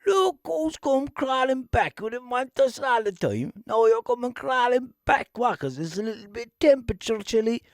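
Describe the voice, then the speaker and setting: An Irish man voicing a jilted, sneering talking hoodie that taunts in loud bursts. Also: very high voice, lively intonation, normal speed, hardly any pauses, dry recording, studio quality, pitched above the performer's own voice. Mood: taunting. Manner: mocking, taunting, shouted bursts.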